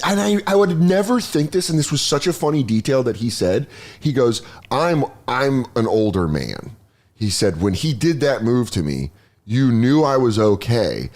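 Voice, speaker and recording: A man hosting a podcast, telling comedic stories in casual chat and jumping into loud impressions of other people. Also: mid-range voice. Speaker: podcast host.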